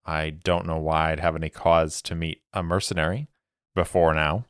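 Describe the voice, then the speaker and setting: A man voicing a cryptic woman spy from a secret order, calm, measured and faintly teasing. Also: rumbling low, clean tone, dry recording, studio quality. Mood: cool, cryptic.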